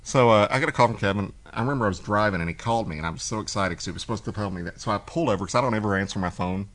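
A man's voice: fairly low pitch, racing. A man hosting a casual chat, telling a long story and acting out what people said. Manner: animated storyteller, acts out quoted voices. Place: cigar shop.

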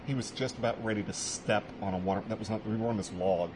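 Low-voiced fast-talking man. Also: fairly even intonation, heavy background noise. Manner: laughing, profane storyteller. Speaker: podcast co-host. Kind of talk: casual storytelling chat.

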